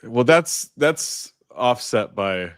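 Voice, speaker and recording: A man's voice: medium pitch, expressive, slow, smooth, no room sound, clean studio sound. A man co-hosting a podcast, chatting casually in a joking, rambling, self-deprecating way. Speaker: podcast co-host. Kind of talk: casual chat.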